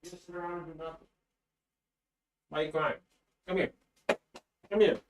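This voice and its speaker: A man talking to his dog in a high, cooing, half-scolding voice. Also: flat delivery, normal speed, echoey room, background noise, close to an everyday voice.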